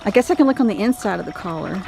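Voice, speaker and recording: A woman's voice: mid-range voice, lively intonation, racing, vocal fry, dark tone, a little hiss or hum. A Texan woman vlogging outdoors, coaxing stray dogs in a soothing way and chatting to the camera. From Texas. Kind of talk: casual vlog narration. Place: outdoors in heat on rural property.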